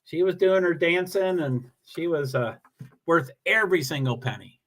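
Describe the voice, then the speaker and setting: A man's voice: on the high side, expressive, normal speed, fairly bright tone. A man hosting a casual livestream from home, chatting alone and reading viewer comments aloud in a rambling, self-deprecating way.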